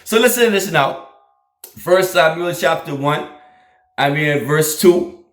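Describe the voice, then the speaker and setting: A man's voice: a little high, expressive, measured pace. A man, telling a personal story to his online audience, often laughing and repeating lines for emphasis. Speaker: host of a faith channel. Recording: echoey room.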